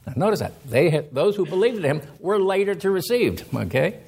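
A man preaching a sermon, reading scripture slowly and then explaining it with emphatic rises in his voice. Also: sits high, big pitch swings, gravelly, a little mellow, breathy edge.

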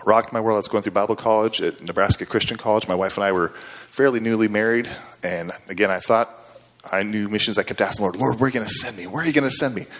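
A middle-aged man delivers a sermon in a slightly low voice. He talks in a conversational, folksy way, with casual asides to the congregation. When he presses a point, his voice climbs and gains emphasis. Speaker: guest preacher.

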